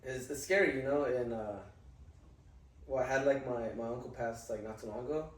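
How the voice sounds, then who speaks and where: A man's voice: medium pitch, roomy sound, distant mic, rough recording. A man hosting a podcast, talking casually with lots of fillers and swearing. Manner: casual, profane, halting with many fillers. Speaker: podcast host. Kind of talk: casual conversation.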